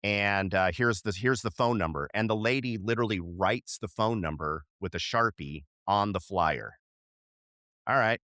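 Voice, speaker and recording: A middle-aged man co-hosting a podcast, telling a story in casual chat and jumping up in pitch when he acts out what people said. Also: moderate pace, no room sound, clean studio sound. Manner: animated storyteller, voices quoted people with jumps in pitch. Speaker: podcast co-host.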